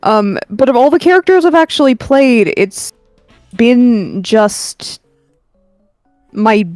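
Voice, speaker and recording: A woman streamer speaks slowly and rambles in a relaxed way, with a few ums and casual swearing. Her voice is close and dry. Faint music plays underneath. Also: a little high, no room sound. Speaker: streamer, artist. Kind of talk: casual chat while drawing.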